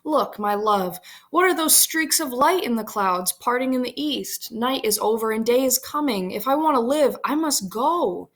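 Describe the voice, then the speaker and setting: A woman's voice: fairly high pitch, animated, moderate pace, hardly any pauses, pitched above the performer's own voice. Lady doing a young guy in love, kinda sarcastic and over the top. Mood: insistent. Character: young man torn, half sarcastic.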